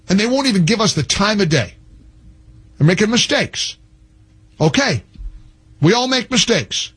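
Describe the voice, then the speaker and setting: Fired-up male radio host, high and husky. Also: sing-song, normal speed, a bit bright. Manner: fired up, emphatic, repetitive restarts. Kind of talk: impassioned political rant.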